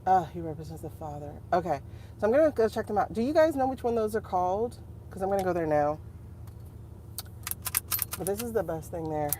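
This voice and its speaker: A woman's voice: on the low side, brisk, pauses often, a little hiss or hum. A woman hosting a casual livestream as a tarot reader, chatting to her viewers and laughing often. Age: adult. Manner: chatty, animated, laughs often, talks to the chat.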